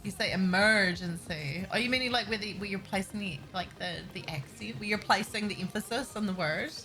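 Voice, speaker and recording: A woman's voice: medium pitch, fast, pushed and bright, faint music behind, poor audio. A young woman from New Zealand with a slightly Americanized Kiwi accent, chatting casually and giggling with her chat while livestreaming a game. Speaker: streamer. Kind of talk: casual live-stream chat while playing.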